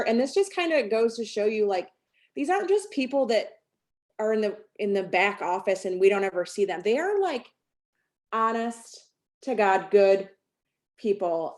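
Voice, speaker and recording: A woman's voice: mid-range voice, darkish tone. Chatty woman telling a team story. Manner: chatty, rambling, many fillers and restarts. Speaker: sales team director. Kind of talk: casual storytelling on a team call.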